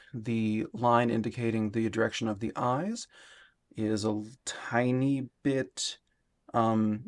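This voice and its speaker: Rambling self-mocking male painter. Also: mid-range voice. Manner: rambling, self-deprecating, with fillers. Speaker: portrait painter narrating his painting video. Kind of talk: casual voice-over over a painting time lapse.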